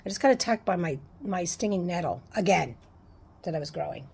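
A woman chatting casually as she unboxes and reads out items, gushing, excitable and swearing freely. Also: lowish voice, fairly quick, vocal fry, husky. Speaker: unboxing vlogger.

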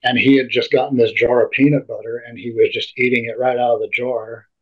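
Husky-voiced man telling a story haltingly. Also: mid-range voice, flat delivery. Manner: halting, repeats and restarts words often. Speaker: interview guest. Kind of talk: emotional personal storytelling. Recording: dull lo-fi recording.

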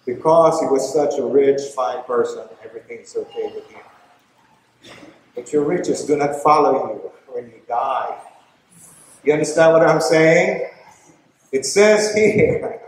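A bishop preaching a sermon, who keeps checking whether his listeners follow him. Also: a little high. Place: large church. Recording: very echoey church hall.

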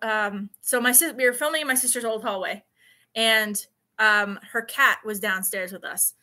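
A woman's voice: mid-range voice, pushed and bright. A woman in her late twenties chatting casually on a live stream, telling rambling stories with plenty of fillers. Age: 20s. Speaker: vlogger.

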